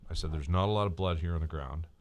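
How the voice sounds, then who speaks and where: Deep-voiced male co-host, casual storyteller, repeats himself. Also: quick pace. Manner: long anecdote, repeats words, quotes himself. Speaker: podcast co-host.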